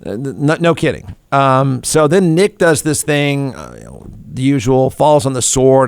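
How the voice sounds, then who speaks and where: Snarky guy hosting a talk show, gravelly voice, irreverent rant, laughs a lot, dry studio mic. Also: mid-range voice, sing-song, a little slow, few pauses, dry recording. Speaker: radio show host.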